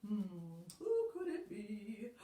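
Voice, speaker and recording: Woman reading a kids' story, very lively, unhurried, roomy echo, mic set back. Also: mid-range voice. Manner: slow, animated and encouraging. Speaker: children's librarian. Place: library. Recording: roomy sound, mic at a distance.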